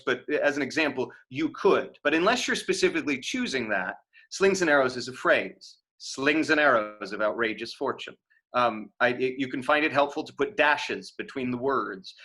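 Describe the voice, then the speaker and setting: Over a video call from his home, an American acting teacher lectures through the call's microphone. His medium-pitched voice is bright and forceful, and his casual talk is full of fillers and false starts.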